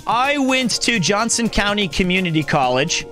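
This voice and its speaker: High, bright-voiced man rambling on stream. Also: lively intonation, normal speed, faint music behind. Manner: rambling, jokey, self-mocking storyteller. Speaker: live streamer. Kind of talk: casual chat with live chat.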